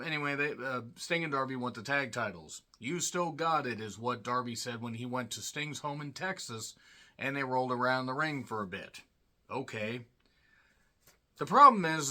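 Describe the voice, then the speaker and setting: A man's voice: medium pitch, bright, forceful tone. A man giving a casual solo review of a wrestling show, blunt and sarcastic, swearing freely and sounding tired.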